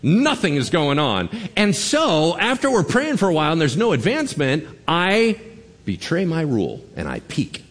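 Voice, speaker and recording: Man, pastor, sermon, animated storyteller, raspy, booming reverb of a big hall. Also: normal speed. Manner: animated storytelling, acting out quotes.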